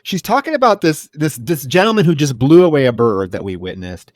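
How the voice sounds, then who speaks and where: Expressive man on a dry close mic. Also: a little high, fairly quick, no echo. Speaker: podcast co-host. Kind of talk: casual film review chat.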